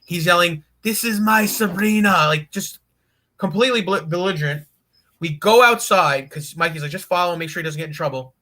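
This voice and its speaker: Bright, slightly high man spinning a profane road story; casual guest energy. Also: a little fast. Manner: profane, animated, laughs while telling. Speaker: guest wrestler.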